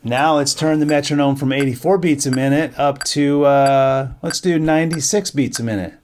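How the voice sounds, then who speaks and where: A middle-aged band director teaching a music lesson, counting off beats and singing rhythms on syllables. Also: male voice, on the high side, steady tone, moderate pace, a little mellow, a little hiss or hum.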